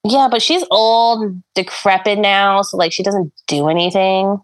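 A woman on a casual podcast, venting in a frank, exasperated way. Her voice is mid-pitched and recorded close, with a dry sound. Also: unhurried, dry recording, rough recording. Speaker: podcast co-host. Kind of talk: casual chat.

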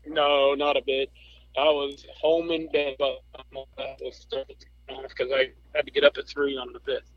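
A man's voice: mid-range voice, level tone, normal speed, highs cut off. A man co-hosting a casual podcast chat, easygoing and joking, calling in remotely. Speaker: podcast co-host.

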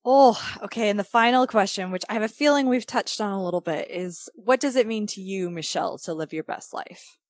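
A woman's voice: mid-range voice, a little fast, hardly any pauses, no room sound, clean studio sound. A woman hosting a podcast, asking questions and thanking her guest with enthusiasm. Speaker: podcast host. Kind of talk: casual interview chat.

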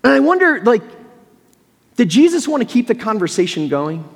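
A male pastor with a fairly high voice preaches to his congregation. He reads scripture aloud, then moves into relaxed, conversational reflection. His voice rings with a long reverb, as if in a large hall. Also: moderate pace, gravelly. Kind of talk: sermon.

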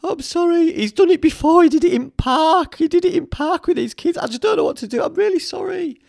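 A man voicing a tearful, apologetic middle-aged woman neighbour in a high, pleading voice. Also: lively intonation, brisk, creaky, darkish tone, heavily acted. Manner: high-pitched, breathless, pleading.

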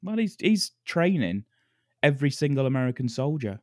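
A man co-hosting a podcast, recapping a film plot in a relaxed, laughing, sweary way. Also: medium pitch, moderate pace, dry recording, studio quality. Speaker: podcast co-host. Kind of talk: casual chat, recapping a film.

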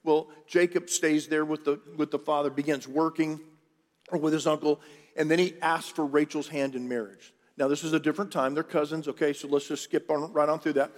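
Chatty middle-aged pastor in an echoing hall. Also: male voice, on the high side, fairly even intonation, fairly quick. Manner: chatty, jokey asides to the congregation. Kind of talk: conversational sermon storytelling. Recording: long church hall reverb.

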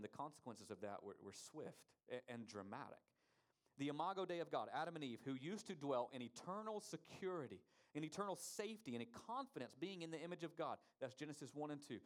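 A man preaching a sermon, asking the congregation rhetorical questions and stressing key words. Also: a little high. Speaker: pastor.

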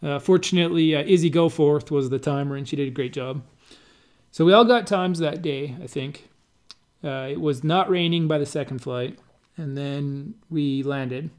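A man with a slightly raised, fairly high voice tells a friend about flying in an air race. It's a casual recollection, halting and loose, full of fillers, false starts and restarts, and he laughs now and then as he remembers.

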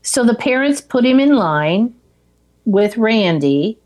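A middle-aged woman in casual chat, calmly retelling a film and sharing memories of the past. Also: fairly high pitch, a little slow.

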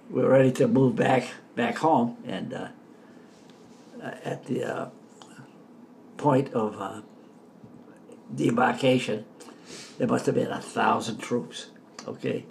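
An older man from the Boston area telling stories about his army days in a casual, animated way. He laughs often and shouts out the lines he quotes. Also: mid-range voice, slow pace, gravelly, pauses often, a little hiss or hum. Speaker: veteran telling war stories. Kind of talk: casual storytelling.

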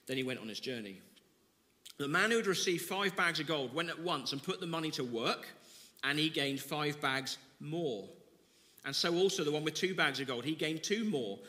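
A man's voice: a little high, fairly quick, bright, forceful tone, big-room sound. A man preaching a sermon, reading scripture with dramatic emphasis and then explaining it conversationally. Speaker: pastor.

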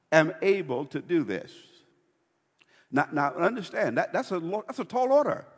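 A man preaching a sermon as pastor, swinging between loud and hushed with dramatic pauses. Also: high-pitched, big-room sound.

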